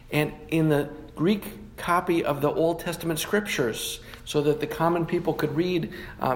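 A man preaching a sermon, teaching through scripture and often stopping to correct himself. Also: a little high. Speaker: pastor.

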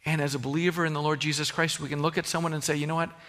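A man delivers a sermon from the pulpit, earnest and emphatic, circling back and restarting phrases as he presses his point. His voice is bright and forceful, set a little high for a man. It rings out with the long reverb of a large hall. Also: level tone, racing. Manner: earnest preaching, rising emphasis with frequent restarts. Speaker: pastor.

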